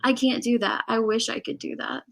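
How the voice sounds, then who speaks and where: Casting: woman live-stream host, Midwest-raised, higher voice with some vocal fry, chatty and giggly. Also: little pitch movement, a little fast. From Illinois. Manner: chatty, laughs often, reads out super chats. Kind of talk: casual live-stream chat.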